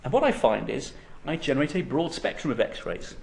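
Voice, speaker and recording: A man's voice: medium pitch, big pitch swings, moderate pace, gravelly, a little mellow. A man lecturing on physics to university students, explaining step by step and often checking in with "okay?".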